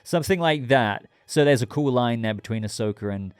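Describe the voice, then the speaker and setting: A man's voice: mid-range voice, animated, a little fast, clean tone, no echo. A man hosting his own channel, giving a casual, rambling episode review and talking straight to his viewers. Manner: rambling, chatty, addresses viewers directly.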